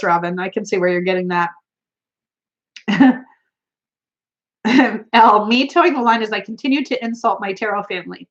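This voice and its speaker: A woman with a medium-pitched voice hosts a casual tarot livestream, reading out viewer comments in a chatty, giggly way and laughing often. She has a runny nose, and the sound is lo-fi.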